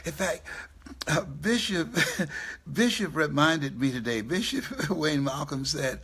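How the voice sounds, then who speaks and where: Gravelly older man giving a motivational talk. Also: fairly high pitch, expressive, takes it slowly, fairly bright tone. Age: 70s. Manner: storytelling, laughs at his own jokes. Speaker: motivational speaker. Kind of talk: live motivational speech. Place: on stage before a live audience.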